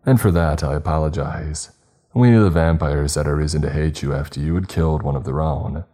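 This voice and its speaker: A man voicing a calm, suave male supervisor who speaks smoothly. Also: very deep voice, fairly quick.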